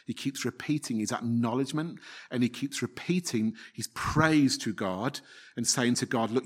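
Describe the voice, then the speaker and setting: A man's voice: mid-range voice, a bit bright. Earnest man preaching a sermon. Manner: earnest, repeats phrases, asks the audience rhetorical questions.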